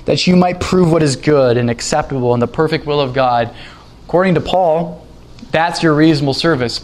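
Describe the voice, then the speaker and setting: Pastor, male, fairly high voice; earnest sermon delivery with stressed scripture readings. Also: brisk. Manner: earnest, rising emphasis on quoted scripture.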